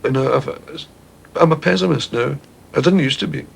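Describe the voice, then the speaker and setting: A man's voice: medium pitch, moderate pace, vocal fry, a little hiss or hum. A Glaswegian Scottish man answering interview questions in a thoughtful, wry, slightly hesitant way. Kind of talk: reflective interview talk.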